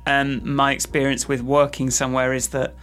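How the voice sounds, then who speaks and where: A man's voice: mid-range voice, monotone, moderate pace, fairly bright tone. A man co-hosting a podcast in casual, rambling chat, with many restarts and fillers. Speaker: podcast co-host. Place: office building with workers nearby.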